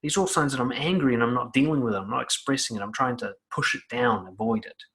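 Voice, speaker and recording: A man's voice: mid-range voice, fast, a bit bright. Blunt, profane male self-help coach. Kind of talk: direct advice monologue.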